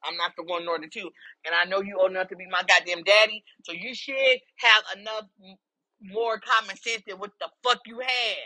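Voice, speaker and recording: A woman's voice: medium pitch, steady tone, a little fast, low-quality recording. Fiery, profane woman podcast host. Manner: heated, profane, swears constantly; raises voice to near shouting. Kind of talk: casual monologue rant.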